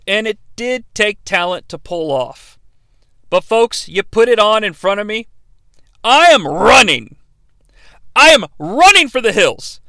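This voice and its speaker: Brief: high, crisp man in his thirties, sarcastic podcast host on a dry close mic. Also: sharp tone, no echo. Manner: playful, sarcastic, jumps into impressions. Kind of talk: comedic wrestling review podcast.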